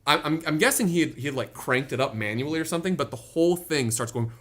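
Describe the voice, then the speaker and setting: A man co-hosting a casual podcast, telling a story with animated energy and acting out his own quoted lines. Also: a little high, quick pace. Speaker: podcast co-host.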